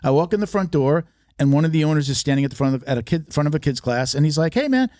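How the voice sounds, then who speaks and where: A man whose voice is on the high side and darkish races along, recorded with no echo at studio quality. He's a martial arts marketing expert appearing casually as a podcast guest, telling stories with emphasis and many restarts.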